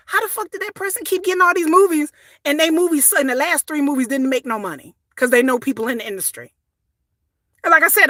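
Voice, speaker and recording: A woman, ranting casually to her viewers, sassy and animated, swearing and repeating words as she goes. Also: high-pitched, dry recording, clean studio sound. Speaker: commentary vlogger. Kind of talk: casual opinion rant.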